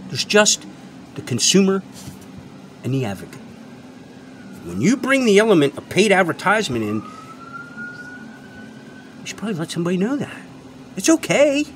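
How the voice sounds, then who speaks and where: A man with a high voice that swoops up and down as he rants straight to his viewers. He lectures and repeats his points for emphasis, and he drops the odd swear word. A faint hum of air conditioning sits behind him. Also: huge pitch swings, normal speed, long pauses, fairly bright tone. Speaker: channel host and product reviewer. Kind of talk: unscripted ranting monologue.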